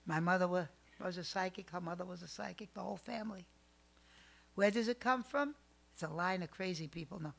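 An older woman telling family stories as a podcast guest, animated, swinging between loud outbursts and hushed asides. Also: on the low side, brisk, creaky. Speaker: psychic guest. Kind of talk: storytelling in a podcast interview.

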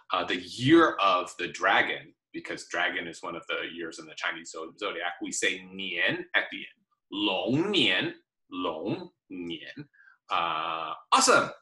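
A man's voice: fairly low pitch, bright, forceful tone, reverberant, rough recording. A man teaching a recorded vocabulary lesson in a playful way, repeating words with big exaggerated tones. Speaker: Mandarin teacher.

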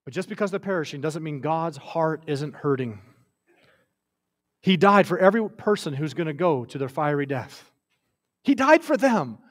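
A man preaching a sermon with passion, rising to loud declarations and dropping to hushed, tender lines. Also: fairly high pitch, expressive, moderate pace. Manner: impassioned, swings from loud to hushed.

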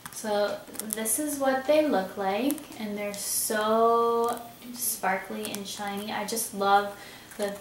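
A young beauty vlogger with a medium-pitched voice talks slowly and chattily in a casual haul video, thinking aloud and clearly delighted with each item she shows. She's somewhat far from the mic in an echoey room, with faint hiss.

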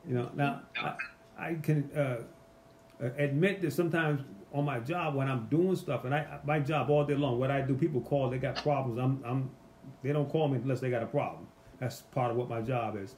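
A man with a slightly high voice teaches a Bible study in a relaxed, conversational way. He speaks with animated emphasis and keeps putting rhetorical questions to his listeners. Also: moderate pace.

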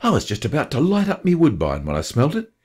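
A man voicing a gruff, swearing working-class northern English father who blusters and grumbles in a radio story reading. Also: mid-range voice, huge pitch swings, quick pace, darkish tone, voice pushed up. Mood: outraged.

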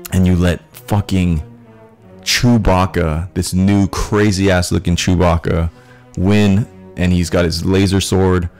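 A man ranting in a casual, profane, rambling way that builds to excited shouting. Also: fairly low pitch. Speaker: vlogger.

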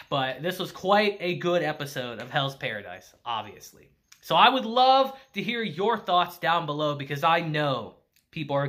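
A man recapping an anime episode in casual review style, animated and emphatic, swearing freely. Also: fairly high pitch.

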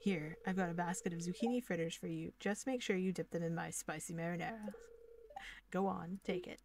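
A woman's voice: on the low side, a little fast, a little mellow, a little hiss or hum, natural voice. A woman reading the lines of a generous, friendly innkeeper in a video game, in her own voice. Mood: kindly.

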